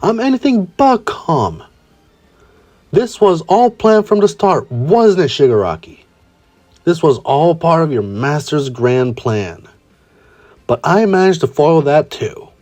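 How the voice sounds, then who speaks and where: An angry young super-soldier hero in a fan-made storybook reading, as a man voices him. He mostly stays low and quiet, with a seething intensity, but his pitch climbs sharply when his fury boils over. It sounds close to the reader's own voice. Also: animated, measured pace. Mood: furious.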